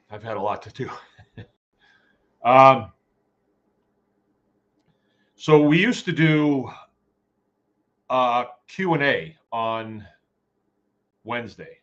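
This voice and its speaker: A man's voice: medium pitch, a bit bright, lo-fi sound. A man hosting a casual farming live chat from his farm, folksy and rambling as he greets viewers by name. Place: home farm.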